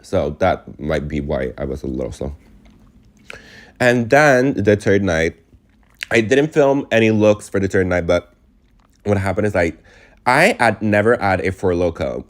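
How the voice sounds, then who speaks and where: Young male vlogger, deep low register, rambling and filler-heavy, emotional and confiding delivery. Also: expressive, measured pace, pauses often. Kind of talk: casual storytime vlog.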